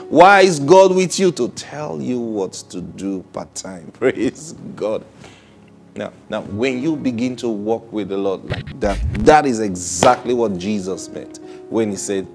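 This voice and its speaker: A man preaching a sermon in an animated way, acting out quoted people and repeating words. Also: mid-range voice.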